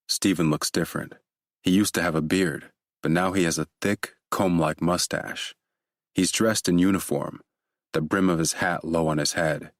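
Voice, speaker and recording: A man narrating a thriller audiobook in a steady, measured way. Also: deep voice, no room sound, clean studio sound.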